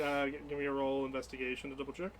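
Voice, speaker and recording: A man narrating as game master of a tabletop role-playing game, a lively storyteller who laughs often. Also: medium pitch, rapid-fire, noisy background.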